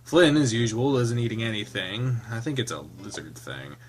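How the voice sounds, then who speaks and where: Man narrating a visual novel playthrough, casual, rambling asides, medium pitch. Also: sing-song, moderate pace. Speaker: game streamer. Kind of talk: reading a visual novel aloud with commentary.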